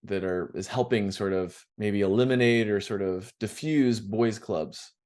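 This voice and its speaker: A man's voice: lowish voice, unhurried, darkish tone. A man hosting a casual podcast interview, chatty and upbeat with slangy reactions. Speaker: podcast host.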